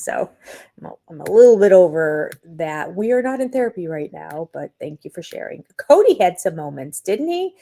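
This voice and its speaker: A woman's voice: lowish voice, gravelly, dark tone. An older woman hosting a casual live stream, chatty and opinionated, laughing often as she talks from home. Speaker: reality TV review host. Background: cat nearby.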